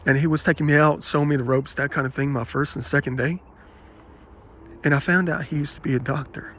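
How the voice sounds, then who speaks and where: A man's voice: on the high side, fairly quick, a little hiss or hum. Man telling aggrieved rambling anecdotes. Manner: aggrieved, animated retelling with quoted dialogue. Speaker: vlogger.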